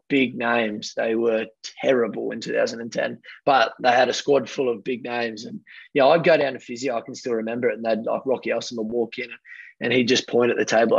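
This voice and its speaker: The audio is dull and dry, with no room sound, carrying a husky, medium-pitched male voice full of vocal fry. He's an Australian professional rugby player in his thirties, a guest telling casual stories in a rambling, animated way with lots of fillers and acted-out quotes.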